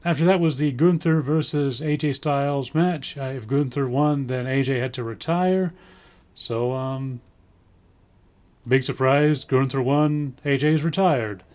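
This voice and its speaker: A man's voice: mid-range voice, unhurried, a little mellow. A man giving a casual spoken review in a rambling way, full of ums, with dry sarcastic asides. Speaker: wrestling show reviewer.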